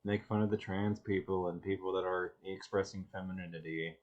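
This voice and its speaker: A man with a fairly low voice comments on a clip as the host of a reaction video. He sounds sarcastic and exasperated, often restarting his sentences. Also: steady tone, brisk, darkish tone, muffled recording.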